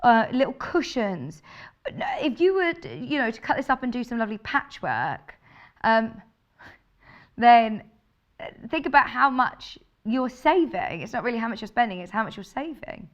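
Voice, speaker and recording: A woman with a low, husky voice, chatting in a bubbly way as she presents a live TV shopping show. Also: big pitch swings, normal speed, highs cut off. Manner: bubbly, chatty, laughs often. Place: TV studio.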